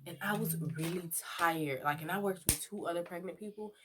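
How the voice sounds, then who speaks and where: A young woman vlogs a personal story, chatting straight to her viewers in a lowish, brisk voice over a noisy background.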